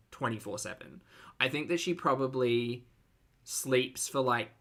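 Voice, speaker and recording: A man's voice: medium pitch, sharp tone. A man giving blunt, casual live-stream commentary, full of fillers and swearing, reading out viewer chat as he goes.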